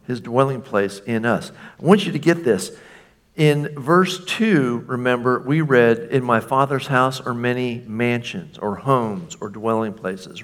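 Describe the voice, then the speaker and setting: A man preaching a sermon to a congregation, chatty and informal, acting out the lines he quotes. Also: mid-range voice. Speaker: pastor.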